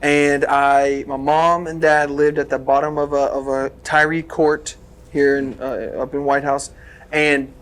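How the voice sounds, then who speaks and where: A young man from Tennessee tells a story in casual podcast chat, keeping it animated and lively and throwing in sound effects. His voice sits a touch higher than most men's. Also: measured pace. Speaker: guest, former wrestler.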